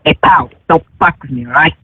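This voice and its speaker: A man's voice: fairly high pitch, a little fast, breathy edge. A male caller putting on a tough-talking mobster voice, brash and threatening. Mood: menacing. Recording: tinny phone line.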